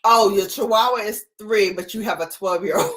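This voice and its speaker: A woman's voice: medium pitch, expressive, moderate pace, a bit bright. A middle-aged woman hosting a casual livestream, chatty, laughing often and answering viewer comments. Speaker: livestream host.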